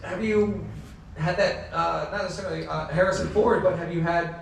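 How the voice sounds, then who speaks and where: A man moderating a convention panel, asking questions in a halting way with fillers. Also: a little high, fairly even intonation, vocal fry, far from the mic, noisy background. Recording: echoey hall, mic heard from afar.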